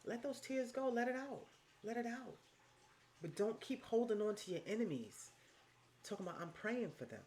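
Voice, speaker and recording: Speaking at normal speed with frequent pauses, a woman vlogger offers casual life advice meant to motivate, leaning on emphasis and repetition along with swearing and endearments. Her voice shifts from low and hushed to high and loud, over slight background noise.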